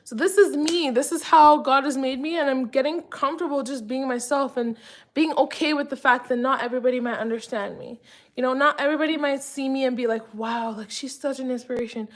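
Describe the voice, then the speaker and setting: This young woman, a cooking vlogger, addresses viewers in her home kitchen with loose chatter packed with fillers and side comments. She talks briskly in a high-pitched voice, and the recording is low quality.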